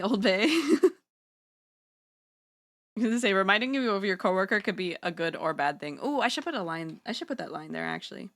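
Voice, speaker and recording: Chatty woman streaming while she draws, bright crisp voice, playful, talks right to chat, sometimes puts on a southern drawl. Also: fairly low pitch. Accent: put-on Southern US drawl for part of the stream. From Washington State, US. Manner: chatty and playful, talks straight to viewers, laughs often. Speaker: livestreamer and artist.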